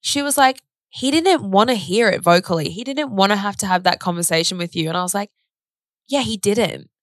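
With a medium-pitched, expressive voice and a quick pace, a young woman co-hosts a podcast in casual chat. She's candid and emotional, saying "like" a lot and swearing occasionally. The studio sound is clean, with no room sound.

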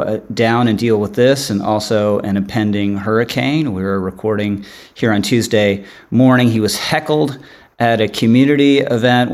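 A man hosting a political podcast panel, talking casually with frequent stumbles and restarts. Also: fairly low pitch. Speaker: podcast host.

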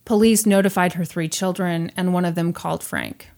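A woman hosting a podcast, retelling a true crime story in casual chat with animated, sarcastic asides. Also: lowish voice, normal speed.

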